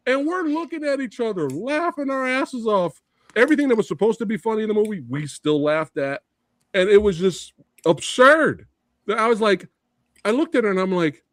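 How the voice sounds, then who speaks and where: A man's voice: high-pitched, lively intonation, normal speed, fairly bright tone, no echo. A middle-aged man co-hosting a casual movie debate, laughing often and quoting lines. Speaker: podcast co-host.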